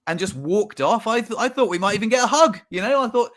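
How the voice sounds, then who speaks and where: Animated male podcast co-host. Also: fast talker. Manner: animated, acts out quotes with big pitch jumps; swears casually. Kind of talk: casual storytelling chat.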